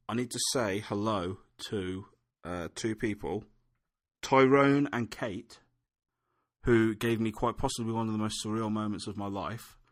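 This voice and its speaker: A man, co-hosting a gaming podcast and telling stories in an animated way, swearing freely. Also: on the low side. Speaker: podcast co-host. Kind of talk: casual chat.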